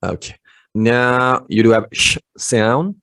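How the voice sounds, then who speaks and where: Slow gravelly man coaching pronunciation. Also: medium pitch, a bit bright, no room sound. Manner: slow, patient drilling with short affirmations. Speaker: spoken English teacher. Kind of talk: online pronunciation lesson.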